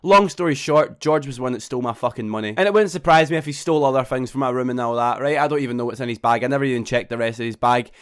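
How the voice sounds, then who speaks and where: A man's voice: medium pitch, rapid-fire, few pauses, clear, resonant tone. A young man tells a storytime vlog. He swears a lot and keeps asking "right?". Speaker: vlogger.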